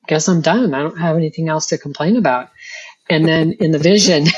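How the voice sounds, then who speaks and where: A woman's voice: low voice, husky. A middle-aged woman, a guest on an interview show, telling her personal story and acting out her past rants as she goes. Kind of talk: personal testimony in conversation. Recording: dull lo-fi sound.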